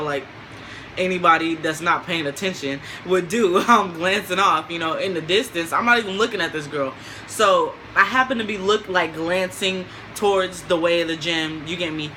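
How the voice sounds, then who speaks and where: A young woman telling a story in a casual vlog, animated and slangy, laughing often. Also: lowish voice, slight background noise, rough recording.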